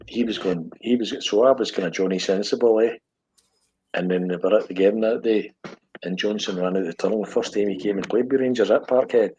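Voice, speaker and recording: A man's voice: on the low side, a little mellow, a little hiss or hum. A middle-aged man with a Glasgow accent, hosting a podcast in blunt, sweary football chat and tagging his lines with "eh?". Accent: Scottish, Glaswegian. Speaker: podcast host. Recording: dull lo-fi audio.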